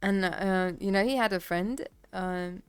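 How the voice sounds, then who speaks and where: A woman's voice: medium pitch, a little slow, clear, resonant tone, dry recording. A young woman from Kazakhstan, telling personal stories on a livestream in a rambling way full of "like" and "you know". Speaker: streamer. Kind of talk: casual storytelling on a livestream.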